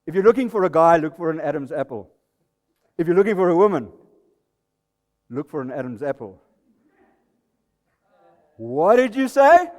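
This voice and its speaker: His voice a little high with lively intonation, a South African man in his sixties speaks briskly but leaves long pauses. It's a comic, self-deprecating talk on stage at a live presentation night, captured in an echoey event hall.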